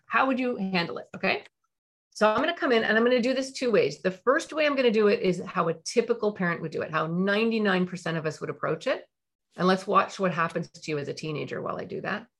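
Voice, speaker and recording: A woman's voice: lowish voice, gravelly. A woman parenting coach who explains a technique and repeats her points for stress.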